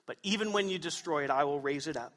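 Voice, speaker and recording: A man's voice: a little high, fast, a bit bright, in a large hall. A man preaching a sermon as pastor to his congregation, emphatic, asking them questions. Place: church sanctuary.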